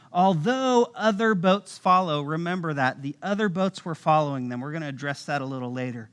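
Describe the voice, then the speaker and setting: Animated high-voiced man preaching. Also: clean tone. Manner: casual, animated storytelling with voiced asides. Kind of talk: sermon. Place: church.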